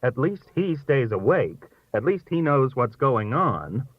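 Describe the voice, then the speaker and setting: A man's voice: medium pitch, sing-song, unhurried, slightly rough, dry recording, voice pushed up. A man reading aloud and voicing a scornful, theatrical middle-aged wife who complains dramatically. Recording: thin phone-like dry sound.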